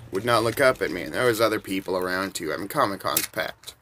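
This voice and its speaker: A man's voice: sits low, fast talker, few pauses, sharp tone, slight background noise. A man in his forties telling rambling, casual anecdotes and chuckling between bits. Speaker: storyteller.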